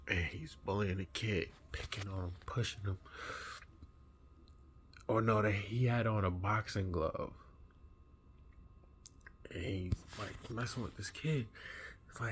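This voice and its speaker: A man who has just woken up, earnestly retelling a dream in a vlog with an animated manner. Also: lowish voice, measured pace, long pauses, slight background noise. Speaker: vlogger. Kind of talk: recounting a dream.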